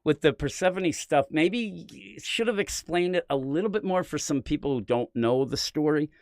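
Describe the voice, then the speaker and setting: A man's voice: fairly high pitch, moderate pace, creaky, a little mellow, dry recording, studio quality. A man hosting a comic book podcast, chatting casually with rambling enthusiasm and lots of fillers. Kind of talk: casual comic review chat.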